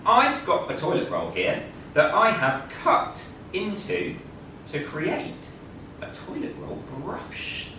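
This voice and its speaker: Slow, playful male teacher in an echoey room. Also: high voice, huge pitch swings, pushed and bright, a little hiss or hum. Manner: playful, joking, talks while drawing. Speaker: teacher presenting a school assembly. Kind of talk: light-hearted assembly presentation. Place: school room. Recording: echoey room, mic at a distance.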